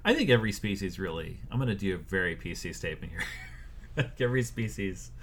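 A man's voice: low voice, lively intonation, fast talker, a little hiss or hum. A man hosting a casual interview, asking questions and cracking teasing jokes.

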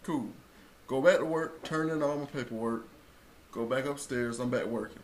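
A man telling a story in casual chat, acting out quotes and rising to loud bursts. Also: medium pitch, normal speed, slight background noise. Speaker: co-host telling a birth story.

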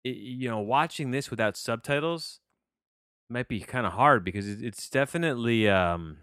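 A man's voice: medium pitch, animated, moderate pace, a bit bright, smooth, no echo, studio quality. Rambling male movie podcast host. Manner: rambling, lots of fillers and restarts. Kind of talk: casual movie review monologue.

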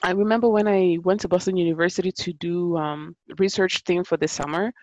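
A woman who grew up in Italy, chatting casually as a podcast co-host and telling animated stories. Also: fairly low pitch, brisk, no room sound. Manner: animated storyteller, acts out quoted voices. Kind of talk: casual chat. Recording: dull, dry close-mic sound.

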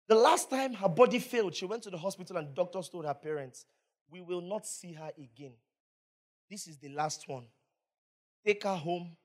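Lively preacher storytelling in a sermon, voice swoops up and down, keeps asking the crowd if they hear it. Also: mid-range voice. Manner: animated, asks the audience questions.

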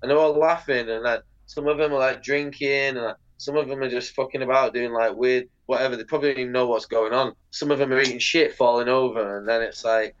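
A man's voice: mid-range voice, fast talker, few pauses, smooth, dull audio. A man, a pro skateboarder chatting as a podcast guest, swearing freely and acting out the people in his stories. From England. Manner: sweary, animated, acts out voices in anecdotes. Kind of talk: casual interview storytelling.

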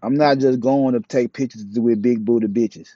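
A man holds forth in a blunt, profane, preachy monologue. His voice is dark and mellow. The dry, dull recording sounds lo-fi. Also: medium pitch, fairly even intonation, moderate pace, slightly rough, no room sound. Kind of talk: casual monologue, opinionated.

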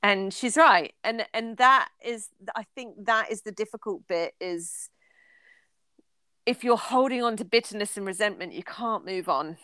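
A woman's voice: medium pitch, measured pace, pushed and bright, clear, resonant tone, no echo. A middle-aged woman co-hosting a podcast, talking candidly in casual chat and swearing freely. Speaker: podcast co-host.

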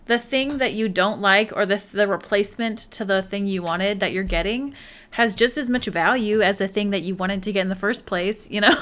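Young woman, relaxed co-host, laughs easily, mid-range voice. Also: mid-range voice, normal speed. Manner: giggly, chatty, mocks angry customers. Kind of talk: casual chat.

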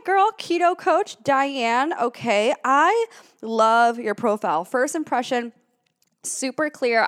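A young adult woman hosting her own podcast in a casual, chatty way, with playful jokes and bursts of excitement. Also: a little high. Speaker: podcast host. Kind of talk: casual solo podcast intro.

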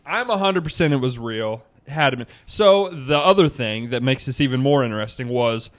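A man co-hosting a casual talk show, retelling events in an animated, emphatic way. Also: mid-range voice, brisk. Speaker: podcast co-host. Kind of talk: casual chat.

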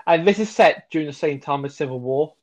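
A man's voice: on the high side, a little fast, darkish tone. A man co-hosting a podcast, reviewing films in casual chat, enthusiastic and rambling, correcting himself as he goes. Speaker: podcast co-host.

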